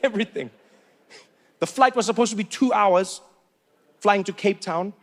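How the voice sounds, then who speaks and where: A man doing stand-up comedy, telling stories in an animated, incredulous way. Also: high voice, normal speed.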